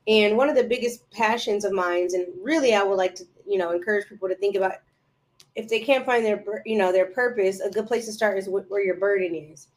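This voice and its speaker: Woman podcast guest, casual chat, lively storyteller who plays out old conversations. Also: mid-range voice, brisk. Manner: animated storyteller, acts out her own past dialogue.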